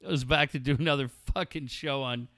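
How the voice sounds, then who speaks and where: A man on a casual talk show, trading crude banter and mocking impressions, loud and animated. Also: mid-range voice, brisk, no echo. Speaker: co-host.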